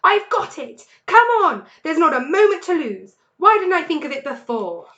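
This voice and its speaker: A woman's voice: on the high side, lively intonation, moderate pace, a bit bright, muffled recording. A woman reading a storybook aloud and voicing a proud, resolute male fox father who is hurt and takes charge when danger comes. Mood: urgent. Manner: urgent, commanding in danger.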